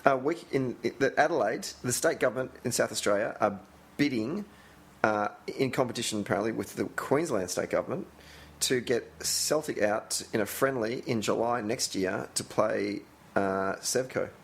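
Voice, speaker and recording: A man's voice: mid-range voice, normal speed, vocal fry, slight background noise. Male podcast co-host, loose and rambling, sweary casual chat. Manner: rambling, swears often, jumps into comic voices.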